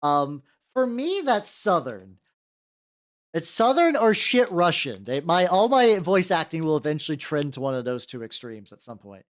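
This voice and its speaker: A man's voice: fairly high pitch, sing-song, moderate pace. A young man streaming as a VTuber, chatting casually and rambling while he paints miniatures, with frequent restarts and self-deprecating jokes.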